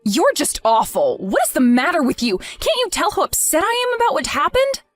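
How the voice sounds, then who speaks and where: A woman's voice: high-pitched, very animated, fairly quick, dry recording, soft background music. A woman voicing a grieving young wife in a text-message drama, talking in a pleading, indignant way. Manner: tearful, pleading, rising to indignant.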